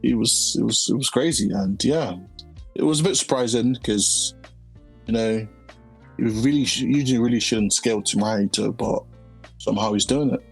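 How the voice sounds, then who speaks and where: A man co-hosting a podcast, chatting casually about an anime with animated, slangy asides. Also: medium pitch, moderate pace, gravelly, husky, faint music behind, poor audio. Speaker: podcast co-host.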